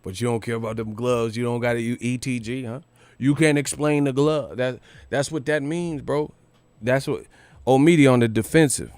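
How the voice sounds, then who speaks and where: A man's voice: mid-range voice, steady tone, normal speed, darkish tone, no echo. A man hosting a live boxing commentary stream, talking loosely with profane street slang and lots of repeats. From United States.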